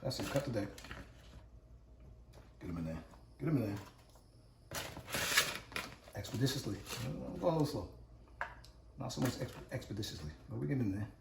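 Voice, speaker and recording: A man hosting a casual cooking vlog outdoors at his grill, talking fast and chatty, repeating catchphrases to his viewers. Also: mid-range voice, animated. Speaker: home cook and channel host. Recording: roomy, distant camera audio with clear background noise.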